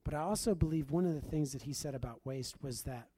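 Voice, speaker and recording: Husky mellow-voiced man telling a testimony. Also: on the high side, fast talker. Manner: animated, acts out quoted dialogue. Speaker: preacher sharing a testimony. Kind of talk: storytelling testimony.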